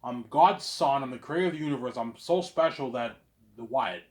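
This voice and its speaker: A man rambling in a monologue to his audience, boastful and repetitive, tagging his lines with "obviously" and dropping from loud claims to mumbled asides. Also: medium pitch, moderate pace. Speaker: vlogger.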